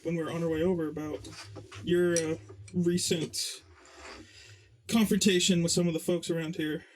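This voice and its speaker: Man, casual podcast chat, hesitant, fairly high pitch. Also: flat delivery, moderate pace, darkish tone. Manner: hesitant, filler-heavy questions.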